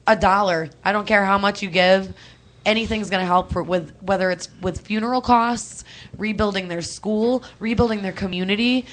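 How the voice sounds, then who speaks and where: A young woman, chatting on a call-in show, animated and quick to laugh, emotional and close to tears at times. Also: medium pitch. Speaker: co-host. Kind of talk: casual radio chat.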